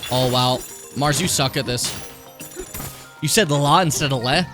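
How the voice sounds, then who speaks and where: A young man casually commenting on his gameplay, rambling and swearing, with sudden high excited yelps. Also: a little slow. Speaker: streamer. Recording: game music playing behind the voice.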